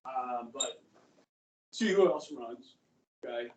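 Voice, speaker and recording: A man's voice: mid-range voice, expressive, slow pace, a little mellow, slight background noise. A male history teacher giving a chatty, rambling classroom lecture and often checking in with students. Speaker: high school history teacher. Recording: echoey classroom from far off.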